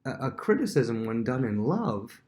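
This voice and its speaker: A man's voice: medium pitch, big pitch swings, normal speed, darkish tone. A man who is a worship leader, teaching a casual Bible lesson with everyday examples and frequent restarts.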